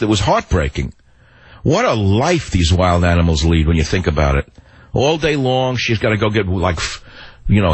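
Husky older man ranting on talk radio. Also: mid-range voice, dry recording. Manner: swings from tender to ranting, rhetorical questions. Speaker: radio talk show host.

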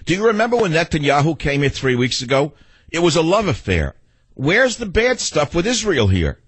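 A man's voice: fairly high pitch, big pitch swings, moderate pace, a bit bright, breathy edge, dry recording. A middle-aged man hosting a talk radio show, combative and sardonic, rambling between arguing with callers and monologue.

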